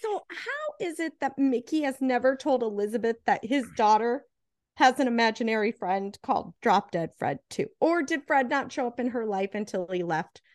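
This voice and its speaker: A woman's voice: a little high, animated, moderate pace, darkish tone, dry recording, clean studio sound. A woman co-hosting a casual movie review chat while drinking. She is inquisitive and keeps posing theories and questions about the story. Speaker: podcast co-host.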